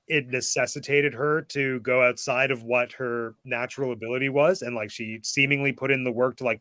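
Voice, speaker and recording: Man, middle pitch, bright tone, articulate, reflective casual chat, dry recording. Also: dry recording. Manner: articulate, reflective film opinions. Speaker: co-host.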